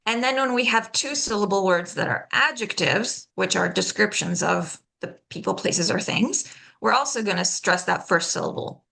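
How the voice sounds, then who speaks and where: Woman instructor with a bright, slightly gravelly voice, patient and explanatory, modeling words slowly. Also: mid-range voice. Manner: patient, explanatory, checks in with frequent "okay?"; demonstrates sounds slowly and deliberately. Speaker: pronunciation workshop instructor. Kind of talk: live online workshop teaching.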